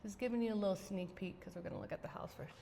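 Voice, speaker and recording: A woman real estate agent walks through a house, chatty and full of gushing enthusiasm. Her voice is mellow and relaxed, with a long reverb trailing behind it. A faint background hum sits under her talk. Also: medium pitch, rapid-fire, vocal fry. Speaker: real estate agent giving a home tour. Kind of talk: casual walking home-tour narration. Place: outdoors then inside a large house.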